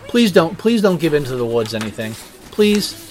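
A man's voice: a little high, very animated, moderate pace, a little mellow, a faint crowd. A man chatting casually as co-host, stammering on restarts and speaking emphatically, with some swearing. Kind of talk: casual chat.

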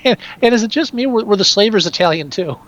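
A man co-hosting a casual film discussion, animated and profane, often trailing off and restarting mid-sentence. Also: high-pitched, fast, lo-fi sound.

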